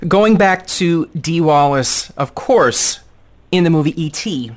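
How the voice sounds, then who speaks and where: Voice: mid-range voice, lively intonation, slow pace. An interview host asking long, rambling questions in a joking, playful way. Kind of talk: casual interview.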